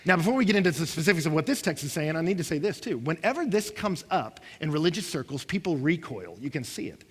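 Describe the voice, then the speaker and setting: A pastor delivers a sermon in a voice pitched a little high for a man, slightly rough, animated and fast. His impassioned preaching rises and falls, swinging between hushed, heavy moments and bursts of emphasis as he acts out what listeners say. A long reverb from a large auditorium surrounds the sound.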